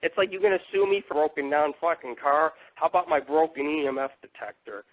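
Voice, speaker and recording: A man's voice: a little high, quick pace. Swearing man ranting on tinny radio. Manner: rambling, swearing, combative. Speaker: internet radio host. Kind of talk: profane live radio monologue. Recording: tinny phone-like dry audio.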